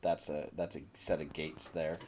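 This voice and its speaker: A man narrating as game master of a tabletop game, halting with frequent fillers. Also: rumbling low, little pitch movement, a little mellow, slight background noise. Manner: hesitant, many fillers.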